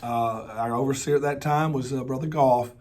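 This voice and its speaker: A man with a Southern accent, hoarse from laryngitis, preaching a personal storytelling sermon in a folksy way, with joking asides and repeated rhetorical questions. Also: medium pitch, fairly even intonation, moderate pace, darkish tone. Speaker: pastor.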